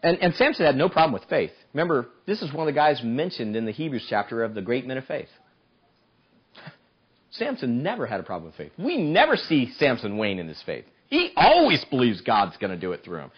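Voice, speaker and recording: A man preaches a sermon in an animated way, his voice climbing high as he acts out a desperate plea. The recording is dull and lo-fi, like an old church tape. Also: slightly rough. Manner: animated, voice climbing high when acting out Samson's pleas.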